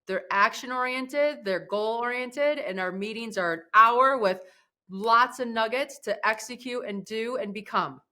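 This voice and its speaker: A woman's voice: fairly high pitch, unhurried, sharp tone. A woman hosting a podcast interview who sounds effusive and enthusiastic. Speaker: podcast host. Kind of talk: casual interview.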